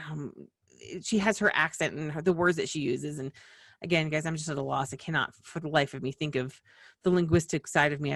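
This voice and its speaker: Woman from the west coast rambling to her viewers, lots of restarts, lowish voice. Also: vocal fry, no echo, clean studio sound. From western United States. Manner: chatty, digressive, many restarts and asides. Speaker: small-business video host. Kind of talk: casual rambling explainer.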